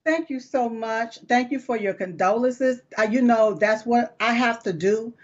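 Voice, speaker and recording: A woman's voice: fairly high pitch, measured pace, dull audio. A woman hosting a political talk show, talking in a fiery, folksy and emphatic way.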